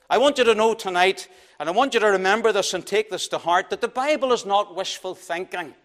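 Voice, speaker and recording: Preacher, male, high-pitched voice, emphatic measured sermon delivery. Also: fairly bright tone.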